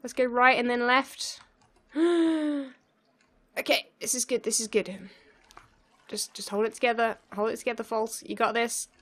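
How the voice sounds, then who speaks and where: Young woman gaming, bit high voice, keeps muttering to herself and giggling. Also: flat delivery, normal speed, bright, forceful tone. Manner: flustered, self-talking, laughs often. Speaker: let's play gamer. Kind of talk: live gameplay commentary.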